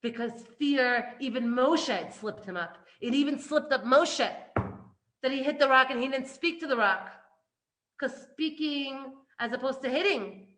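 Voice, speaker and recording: A woman giving an animated spiritual lesson, emphatic and full of restarts, swinging between loud and hushed. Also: high-pitched, measured pace. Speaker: Torah teacher.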